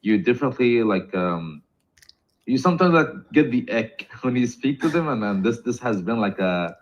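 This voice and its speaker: A man's voice: mid-range voice, expressive, normal speed. A man talking in a casual live-stream chat, hesitant, with many repeated starts and fillers. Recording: dull lo-fi sound.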